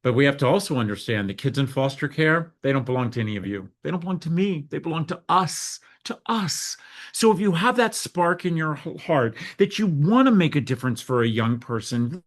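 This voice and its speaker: A man's voice: medium pitch, very animated, fairly quick, hardly any pauses. A middle-aged American man, a foster care advocate, telling his story in an interview with earnest, heartfelt feeling.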